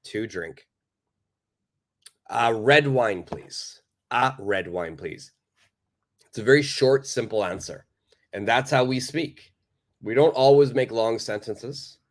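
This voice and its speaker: A man's voice: mid-range voice, a little slow. A man teaching a live online English lesson, patiently reading out viewers' answers, praising them and explaining simple phrases.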